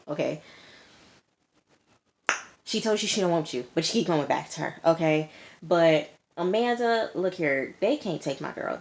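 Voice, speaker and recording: Sirens can be heard outside as this woman, indoors, casually reviews a reality show. Her voice is low with a darkish tone, and her emphatic commentary is repetitive and full of "like" and "okay."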